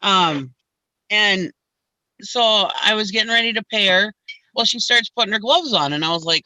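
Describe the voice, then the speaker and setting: A woman's voice: mid-range voice, animated, normal speed, bright, forceful tone, dry recording, low-quality recording. A woman hosting a casual chat show, telling a story animatedly and acting out the dialogue with blunt, salty wording. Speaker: show host.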